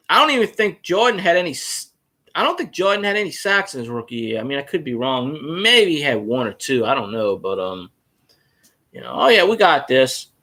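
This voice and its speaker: A man hosting a casual solo fan chat, rambling and swearing as he tells stories about arguing with rival fans. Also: a little high. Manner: profane, rambling, animated storytelling. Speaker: fan show host.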